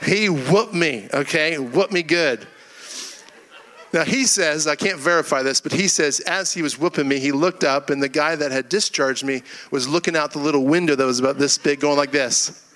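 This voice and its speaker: A man's voice: on the high side, moderate pace. Folksy storytelling man preaching. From Florida, US. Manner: folksy, humorous storyteller, animated. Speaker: pastor. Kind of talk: sermon with personal storytelling.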